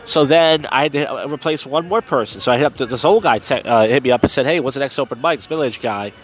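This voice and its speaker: Soft music plays in the background as a podcast host walks a street at night, talking quickly in a medium-pitched voice. Alone, he rambles casually about his week, full of fillers and swearing.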